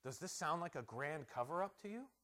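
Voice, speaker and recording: Fairly quick and expressive, with a voice on the high side, this middle-aged pastor delivers a conversational sermon. He asks rhetorical questions and swings from loud emphasis to hushed asides.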